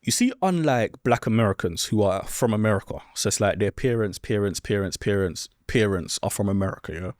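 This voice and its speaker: A man's voice: on the low side, animated, fairly quick, hardly any pauses, a little mellow, no room sound, clean studio sound. A man, hosting a solo advice podcast in a blunt, lecturing way and keeping on asking his listeners whether they understand. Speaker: podcast host.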